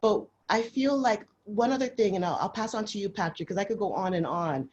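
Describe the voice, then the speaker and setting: A woman's voice: medium pitch, a little fast, a little mellow, a little hiss or hum. Passionate woman on a webinar call, kinda muffled sound. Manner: impassioned, repeats herself. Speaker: nurse panelist. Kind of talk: webinar panel discussion. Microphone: video call.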